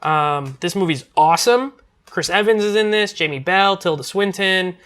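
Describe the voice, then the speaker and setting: A man's voice: high voice, moderate pace, fairly bright tone, clear, resonant tone. A man reviewing movies in a casual, rambling chat, full of fillers and restarts.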